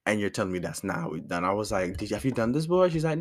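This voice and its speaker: Talking very fast with hardly a pause, this young man has a fairly low, breathy voice. He's irritated and cursing as he tells the story, playing out the argument from both sides in quoted dialogue.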